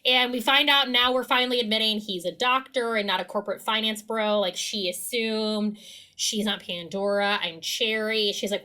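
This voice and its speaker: A woman co-hosting a podcast, recapping a TV episode in a chatty, animated way with lots of fillers. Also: on the high side, normal speed. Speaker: podcast co-host. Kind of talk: casual recap chat.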